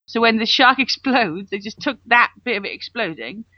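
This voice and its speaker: A man co-hosting a casual movie podcast from bed, laughing often and joking, saying he is high. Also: expressive, no room sound. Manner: laughing, joking, quick asides. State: says he is high. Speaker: podcast co-host. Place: in bed at home. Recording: dull lo-fi remote audio.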